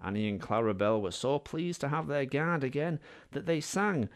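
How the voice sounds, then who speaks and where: A man narrating a children's storybook in an expressive, animated way. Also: medium pitch, moderate pace, hardly any pauses.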